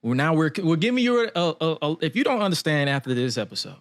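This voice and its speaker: A man's voice: fairly high pitch, very animated, quick pace. A young man hosting a podcast, telling stories in a loose, casual way with quoted asides. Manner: loose, storytelling with quoted asides and frequent laughs. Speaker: podcast host. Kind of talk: casual chat.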